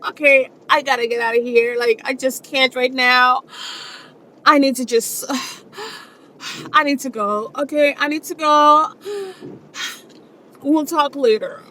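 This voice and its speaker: A woman acting out a tearful, distressed wife pleading with her husband, with high sobbing cries. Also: slow, pauses often, sharp tone, slight background noise, exaggerated voice.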